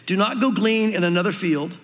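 A man voicing a kindly, protective older male landowner in an earnest, gentle tone. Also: high voice, brisk. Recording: long reverb of a hall.

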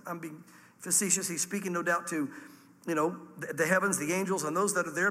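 A male pastor preaching a sermon fervently and emphatically, with sudden jumps up and drops down in pitch. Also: fairly even intonation, a little fast, pushed and bright. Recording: long hall reverb.

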